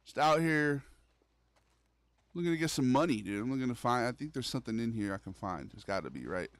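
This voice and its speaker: A man's voice: medium pitch, expressive, brisk. A young man streaming a horror game, chatting casually and loosely with his viewers, full of slang. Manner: loose, slangy, calls the audience "bro". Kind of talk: casual gaming livestream chat.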